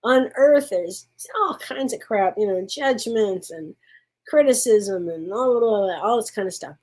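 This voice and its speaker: A woman who works as a spiritual medium answers viewer questions on a live stream in a mid-range, expressive, unhurried voice. She is warm and effusive, laughs often, and calls people honey.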